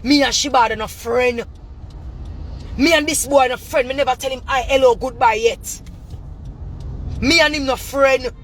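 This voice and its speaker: A Jamaican woman with a high voice delivers a confrontational callout rant in thick patois, circling back on the same points again and again. She bursts into shouting now and then. A faint hum of noise runs under her. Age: adult mother. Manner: confrontational, rapid repetitive ranting in patois. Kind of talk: ranting callout video.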